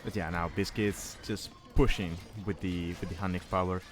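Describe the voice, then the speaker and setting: Low-voiced caster. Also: male voice, steady tone, normal speed, music in the background. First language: Italian. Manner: thinking aloud, restarting words mid-phrase. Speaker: esports caster. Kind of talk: live strategy game commentary.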